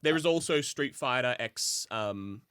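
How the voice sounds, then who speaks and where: A man's voice: mid-range voice, lively intonation, a little slow, sharp tone, clean tone, dry recording, clean studio sound. A young man co-hosting a podcast, chatting casually, swearing often and reading notes aloud. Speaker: podcast co-host presenting the topic.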